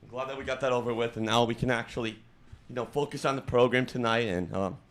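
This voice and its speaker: A man hosting a livestream, giving a halting mock apology with many fillers and restarts in a deadpan, fake-emotional tone. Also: mid-range voice. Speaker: streamer host.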